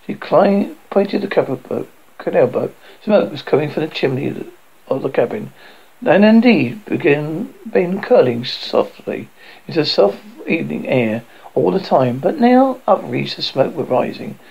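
A man's voice: on the high side, big pitch swings, moderate pace, vocal fry, darkish tone, slightly rough, lo-fi sound. A man reading a novel aloud as narrator, often stumbling and correcting himself.

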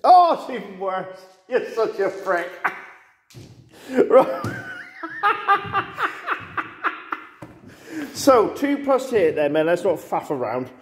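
Man, wargame host, higher voice, laughs a lot, swears at his dice, roomy echo. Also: very animated, moderate pace, few pauses, a little hiss or hum. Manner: laughs often, curses his dice out loud. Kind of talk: casual chat over a tabletop game. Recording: echoey room.

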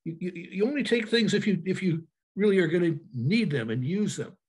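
Husky-voiced man giving a halting webinar talk. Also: sits high, very animated. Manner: halting, many fillers and restarts. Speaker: presenter. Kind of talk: webinar presentation. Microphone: video call.

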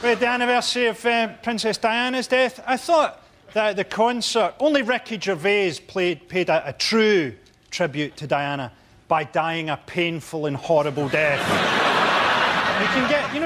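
Man with deadpan dark one-liners. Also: high voice, moderate pace. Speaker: stand-up comedian. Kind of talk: stand-up routine. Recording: noisy studio recording.

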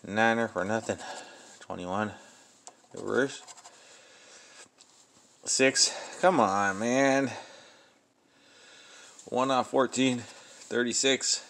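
A man's voice: medium pitch, very slow, creaky, pauses often, a bit bright. A man giving casual running commentary as he scratches lottery tickets, muttering numbers and sighing and groaning at losses.

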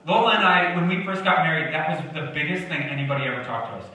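A man's voice: on the high side, fast talker, pushed and bright. A young man preaching a sermon in a joking, conversational way, drawing replies from the congregation. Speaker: pastor. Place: church sanctuary. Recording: echoey church hall from far off.

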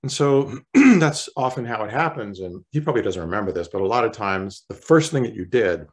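A male voice actor chatting as an interview guest, relaxed and rambling, often clearing his throat. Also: fairly low pitch, brisk. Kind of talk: casual interview chat.

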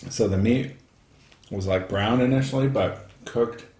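A man co-hosting a home cooking video, tasting the food and chatting in relaxed short remarks. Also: mid-range voice, a little slow, reverberant, a little hiss or hum. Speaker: co-host. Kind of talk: casual cooking chat. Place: home kitchen.

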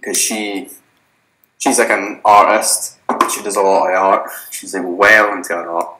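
A man's voice: low voice, fairly even intonation, unhurried, sharp tone. A young man, chatting casually as a podcast guest in a rambling, laid-back way that is full of swearing. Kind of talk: casual chat. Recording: echoey room.

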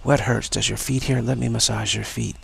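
A man voicing a mother who gently soothes and coaxes a frightened child. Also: medium pitch, steady tone, a little fast, gravelly, a little hiss or hum. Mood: soothing.

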